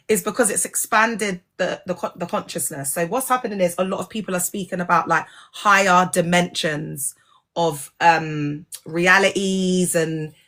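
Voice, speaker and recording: A woman's voice: lowish voice, a bit bright. A woman talking in a casual, rambling monologue. She is frank and sarcastic and keeps asking the listener if they follow. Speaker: vlogger and former church member.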